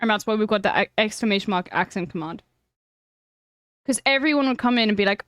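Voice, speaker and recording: A woman's voice: mid-range voice, moderate pace, pauses often, a bit bright, clean tone, no room sound. Blunt, swearing woman streamer. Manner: blunt, swears freely, frank advice. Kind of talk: casual chat with viewers.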